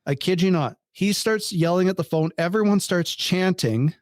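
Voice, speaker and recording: A man's voice: high-pitched, moderate pace, no echo. Man telling a story on a dry podcast mic. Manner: animated, swears freely, incredulous. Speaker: podcast guest. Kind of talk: casual storytelling chat.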